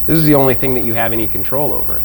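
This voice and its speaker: A man's voice: medium pitch, rapid-fire, mellow. A man in a casual chat, talking earnestly and reflectively, with casual swearing. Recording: faint background noise.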